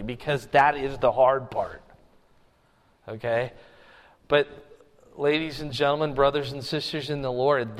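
A man preaching a sermon from the pulpit as pastor, swelling in pitch and force on key phrases. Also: in a large hall. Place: church sanctuary.

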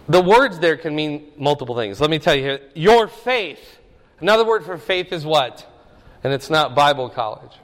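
A man's voice: on the high side, in a large hall. A man preaching a sermon, teaching the meaning of Greek words with rising emphasis. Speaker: pastor.

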